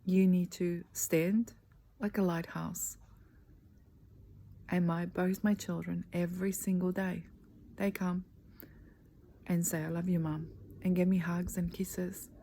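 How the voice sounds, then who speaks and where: A soft-spoken life coach with a dark, fairly low voice keeps a level tone through her motivational talk. She is earnest, slow, and emphatic, frequently slipping into a breathy near-whisper, and the poor audio carries faint background noise.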